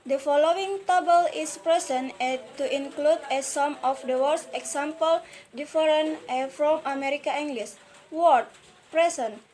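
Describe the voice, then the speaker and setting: Slow, halting Indonesian-accented young woman. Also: high voice, darkish tone, a little hiss or hum. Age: young adult. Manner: halting, frequent hesitations and restarts. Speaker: university student. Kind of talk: recorded class presentation.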